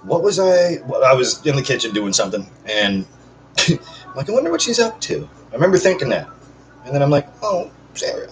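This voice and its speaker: A man's voice: medium pitch, very animated, brisk, a little hiss or hum, rough recording. A man hosting his own unedited vlog from home, chatting casually to viewers with rambling, joking, self-deprecating asides. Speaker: channel host. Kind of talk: casual unedited one-take vlog chat.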